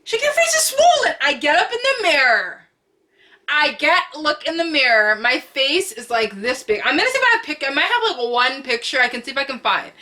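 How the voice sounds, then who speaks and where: Young woman vlogger, bright voice, lively slangy storytime delivery, home camera setup. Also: high voice, brisk. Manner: animated, chatty, slangy, repeats phrases for emphasis; acts out quotes with loud cries. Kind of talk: storytime vlog.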